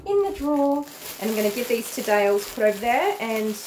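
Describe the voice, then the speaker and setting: A woman's voice: medium pitch, steady tone, fast, noisy background. A woman dog groomer hosting a casual livestream from her salon, chatty and easily emotional.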